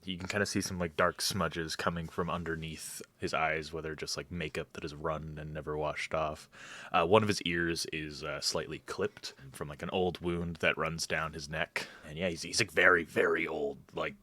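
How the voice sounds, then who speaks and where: A man at a tabletop game describing his character in a rambling, halting way. His voice is very low but carries a bright, forceful edge. The recording is dry and close. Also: fairly even intonation, no room sound. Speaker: player.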